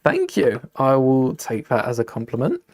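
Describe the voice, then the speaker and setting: A man's voice: mid-range voice, wildly swooping pitch, moderate pace, a little mellow. A young man hosting a casual live stream, chatting and thinking aloud while building, often correcting himself mid-sentence.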